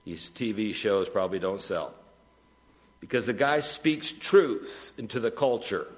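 A man preaching a sermon as pastor, reading scripture with rising emphasis and dropping to quiet, conversational asides. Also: fairly low pitch, expressive, a little slow. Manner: rises to emphatic peaks when reading scripture, drops to soft asides. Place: church sanctuary.

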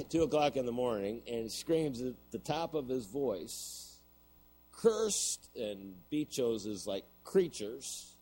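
A man's voice: medium pitch, warm tone, low-quality recording. A middle-aged man preaching a sermon, telling a story and then building to emphatic points. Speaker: pastor.

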